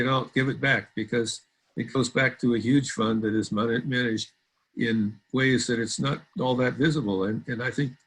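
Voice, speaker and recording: A man speaking at a board meeting on a video call, measured and stumbling now and then over his words. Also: mid-range voice, husky, rough recording. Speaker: board member. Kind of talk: virtual board meeting remarks.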